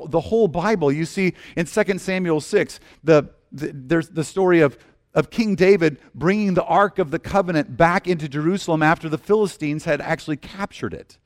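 A middle-aged man preaching a sermon, telling the story in a lively way and often restarting his sentences. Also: fairly high pitch. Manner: animated storytelling with frequent restarts. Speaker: pastor.

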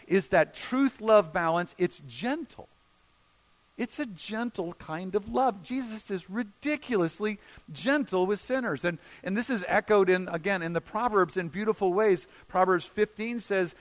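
Expressive male pastor preaching. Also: high-pitched. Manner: expressive, drops to a hushed voice for quoted scenes. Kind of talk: sermon.

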